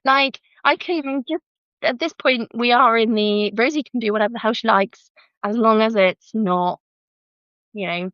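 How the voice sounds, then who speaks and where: Her voice is fairly high and her speed normal, captured dry and slightly muffled on a close mic. A young British woman with a British English accent, she's a podcast guest casually and lively recounting her birth story, performing quoted dialogue with "I was like".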